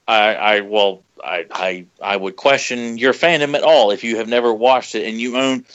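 A man co-hosting a podcast in casual chat, animated and rambling, often dropping into silly voices. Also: fairly low pitch, moderate pace, muffled recording. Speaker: podcast co-host.

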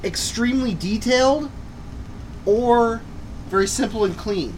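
A man's voice: extremely high pitch, measured pace, slight background noise. A man co-hosting a comic book chat, rambling with many fillers and restarts. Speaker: comic book podcast co-host. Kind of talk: casual chat.

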